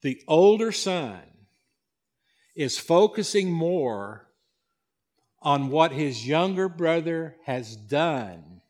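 A male pastor delivering a sermon, swinging between loud emphasis and hushed, slow passages. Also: a little high, animated.

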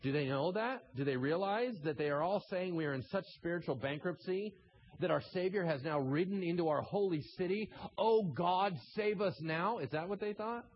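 Male pastor, lively up-and-down delivery, rhetorical questions, slightly muffled sound. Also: fairly high pitch, brisk, a little hiss or hum. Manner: animated, rhetorical questions to the congregation. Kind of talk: sermon.

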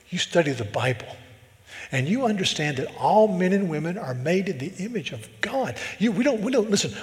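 A man from the American South, preaching a sermon as a pastor. He talks emphatically and repeats words as he builds a point. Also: sits high. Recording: long hall reverb.

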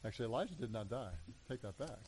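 A man preaching a sermon, animated, acting out voices in the story and building to emphatic peaks. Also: medium pitch, quick pace, a little hiss or hum, rough recording. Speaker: pastor.

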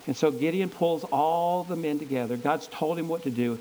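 A man preaching a sermon by retelling a Bible story with animated enthusiasm, often repeating words as he goes. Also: on the high side, normal speed, hardly any pauses, slight background noise, rough recording.

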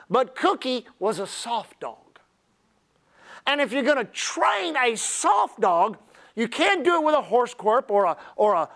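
A man preaching a sermon, telling folksy, humorous stories. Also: high-pitched. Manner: folksy, humorous, animated storyteller. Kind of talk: sermon with storytelling.

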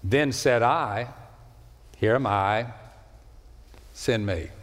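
A pastor preaching to his congregation, his voice rising into loud high calls and then sinking low and quiet. He draws out key words slowly, and his voice rings out through the long reverb of a large church sanctuary. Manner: preaching with sweeping swings in pitch and loudness, slowing for emphasis. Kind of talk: sermon.

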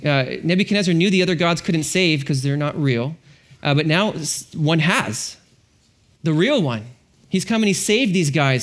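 A middle-aged male pastor preaching a sermon, telling the story animatedly and acting out the characters. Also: high voice.

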